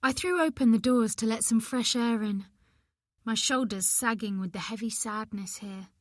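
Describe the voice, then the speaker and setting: A woman narrating an audiobook in the first person, reading in an expressive, measured way. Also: on the high side, dry recording, studio quality.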